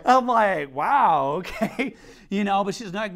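A man's voice: high-pitched, slow. A man preaching a sermon as pastor, telling stories animatedly and reading scripture aloud. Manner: animated storytelling, acts out quotes, reads scripture.

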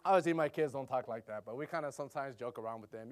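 A middle-aged man preaching a casual sermon, telling stories in a chatty way with lots of "you know" fillers and growing louder when he gets excited. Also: mid-range voice, quick pace, slight background noise. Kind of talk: conversational sermon with storytelling.

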